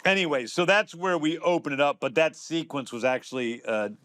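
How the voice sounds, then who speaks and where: Relaxed middle-aged man hosting a podcast. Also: on the high side, brisk. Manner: relaxed storytelling with fillers. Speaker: podcast host and showrunner. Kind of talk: casual podcast chat.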